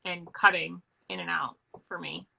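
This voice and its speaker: A woman's voice: fairly low pitch, fairly even intonation, normal speed, gravelly, sharp tone, slightly rough, muffled recording. A woman casually chatting on a video call, talking loosely with lots of "I think" and "like". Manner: chatty, says "like" and "I think" a lot. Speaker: co-host of a live reading. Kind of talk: casual chat.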